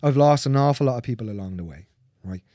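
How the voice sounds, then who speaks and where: Man, mellow low voice, earnest, swears, sometimes near a whisper, dry close sound. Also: lively intonation, quick pace, dry recording. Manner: earnest, repetitive, swears freely. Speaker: guest. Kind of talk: candid conversation.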